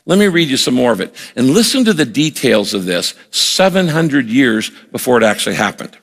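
A man's voice: medium pitch, big pitch swings, a little fast, gravelly. An older man preaching a sermon as a pastor, earnest and emphatic, often repeating words and acting out quoted lines. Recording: long hall reverb.

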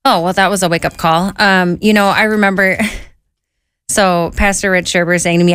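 A woman with a somewhat low voice tells her own story in a relaxed, conversational way. She slips into lively quoted voices for the people in her tale. The sound is close and dry. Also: moderate pace, clear, resonant tone, dry recording. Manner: lively, quotes herself and others in an animated voice. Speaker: guest sharing her testimony.

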